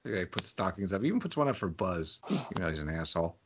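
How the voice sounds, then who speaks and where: A man hosting a podcast, telling crude, animated stories and laughing often. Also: sits low, fast talker, dull audio, slight background noise. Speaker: podcast host. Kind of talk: casual chat.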